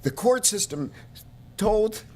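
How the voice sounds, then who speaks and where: A middle-aged man giving an emotional public comment at a county board meeting, his voice rising toward shouting at its peaks, speaking at a podium microphone. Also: high-pitched, expressive, slow, faint music behind. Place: council chamber.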